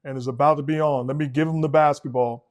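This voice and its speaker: A man hosting a casual podcast interview, building his points through repeated phrases and laughing along. His voice sits a little high for a man. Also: fairly even intonation, fast talker, darkish tone. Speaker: podcast host.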